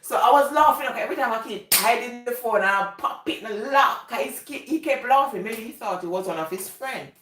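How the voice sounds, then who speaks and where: Heard from a distance in an echoey space, a Jamaican-accented woman vlogs, rambling casually through stories and laughing frequently. Her fairly high voice is a bit bright, and she talks briskly with hardly any pauses.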